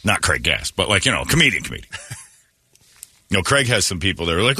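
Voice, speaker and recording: A man's voice: sits low, very animated, fairly quick, pauses often, sharp tone, slightly rough, no room sound, studio quality. A man who works as a radio host, telling rambling anecdotes in casual chat and acting out quoted lines.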